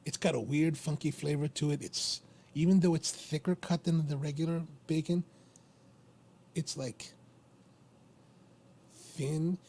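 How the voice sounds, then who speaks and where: With a fairly high, husky voice, this Maryland livestream host speaks unhurriedly and pauses often. He still rambles casually and repeats phrases, keeping a lively, chatty tone.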